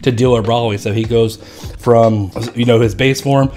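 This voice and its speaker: A man's voice: medium pitch, steady tone, moderate pace, darkish tone, a little hiss or hum. Rambling, profane man retelling a movie. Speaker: movie reviewer. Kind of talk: casual spoken review.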